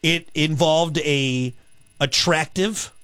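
A man co-hosting a radio show, telling a story in casual comedic banter, halting and full of fillers and restarts. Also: fairly high pitch, a bit bright, no echo.

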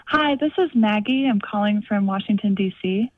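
A woman's voice: mid-range voice, moderate pace, dry recording, narrow, tinny audio. A young adult woman calling in to a radio show, chatty and full of "like" fillers. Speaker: caller. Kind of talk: casual phone-in chat.

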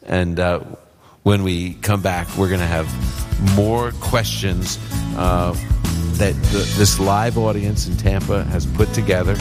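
A man answering Bible questions before a live audience, explaining in a relaxed, conversational way. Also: low-pitched, measured pace, over loud music. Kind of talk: call-in Bible Q&A. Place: live event hall with audience. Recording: long hall reverb.

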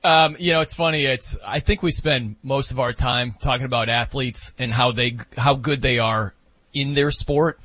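A man co-hosting a casual sports talk show, animated and laughing as he talks. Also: mid-range voice, normal speed, no room sound. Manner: animated, laughing, mimics wrestling announcers. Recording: dull lo-fi dry sound.

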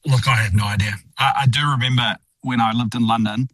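A man speaking as a guest on a radio show, relaxed and conversational. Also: medium pitch, fast, husky, no room sound, studio quality. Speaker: studio guest. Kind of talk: radio interview.

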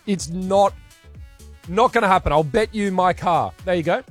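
A man's voice: high-pitched, moderate pace, a bit bright, soft background music. An Australian man hosting radio, bantering in a blunt, emphatic, teasing way. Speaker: radio host.

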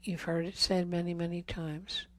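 At a healing service, a woman gives an earnest Catholic talk to a congregation, pleading through repeated questions and dropping to a whisper on key words. Her voice is lowish with little pitch movement, at a moderate pace.

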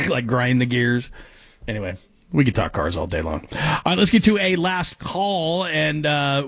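A man's voice: mid-range voice, a bit bright, no room sound. Chatty man hosting sports radio. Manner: rambling, self-interrupting, reads listener texts aloud. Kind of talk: casual sports talk radio. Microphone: studio microphone.

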